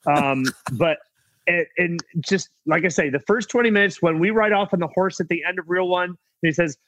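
A middle-aged man with a fairly high voice spins a loose, rambling anecdote from a film set. He restarts often and slips in quick impressions of others. The sound is close and completely dry. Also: a bit bright, no room sound. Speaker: guest actor telling set stories. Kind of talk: casual anecdotal storytelling.

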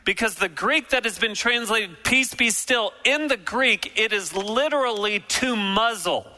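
A man preaching a sermon, emphatic and animated, acting out quotes and dropping to a soft, slow delivery for reflective points. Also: high voice, rough recording. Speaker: pastor.

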